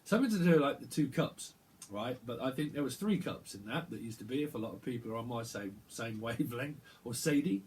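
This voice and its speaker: A man's voice: mid-range voice, expressive, a little mellow, slight background noise. Man rambling through a tarot reading. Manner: rambling, halting, repeats words while channeling. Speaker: tarot reader.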